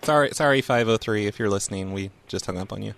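A man's voice: lowish voice, fast, creaky, a bit bright, no echo. A man hosting a casual group call, joking and teasing the others. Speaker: host.

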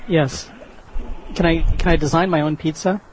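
A young man making a prank phone call, mock-polite and deadpan as he orders. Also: on the high side, moderate pace, slight background noise. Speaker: prank caller.

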